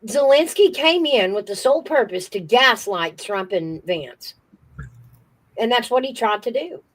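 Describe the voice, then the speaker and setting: Opinionated lady going off about politics, kinda high voice. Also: animated, unhurried, low-quality recording. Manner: forceful, opinionated. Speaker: podcast co-host. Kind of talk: casual political chat.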